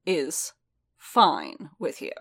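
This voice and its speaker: A woman reading a gruff, growling warlord. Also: lowish voice, steady tone, normal speed, fairly bright tone. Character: gruff, suspicious male warlord, adult.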